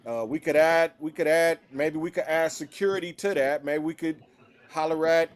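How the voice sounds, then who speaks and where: Slightly high man, halting casual talk. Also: clear, resonant tone. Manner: halting, many restarts and fillers. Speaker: co-host of a live talk stream. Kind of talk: casual chat.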